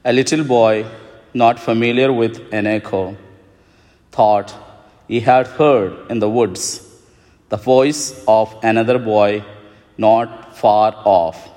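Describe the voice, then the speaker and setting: A man preaching a homily as a priest, telling a story in a slow, measured way before turning to the readings. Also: fairly low pitch, fairly even intonation, darkish tone, big-room sound. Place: church.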